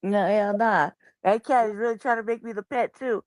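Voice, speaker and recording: Profane, animated woman chatting casually. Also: medium pitch, moderate pace, no echo. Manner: animated, swearing freely, cooing baby talk at her cat.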